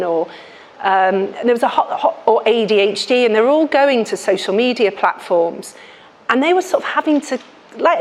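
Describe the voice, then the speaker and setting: A middle-aged woman with a Liverpool accent, a health journalist speaking frankly and chattily to a live audience, with plenty of restarts. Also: medium pitch. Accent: Liverpool (Scouse). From Liverpool, England. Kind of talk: book launch talk to a live audience. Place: lecture room with audience.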